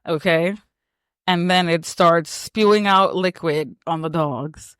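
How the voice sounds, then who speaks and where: A woman co-hosting a podcast, retelling a film scene in a lively, blunt, joking way. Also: lowish voice, slow pace, clear, resonant tone, no echo, clean studio sound. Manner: animated storyteller, acts out characters, blunt and profane. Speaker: podcast co-host. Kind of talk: casual movie recap chat.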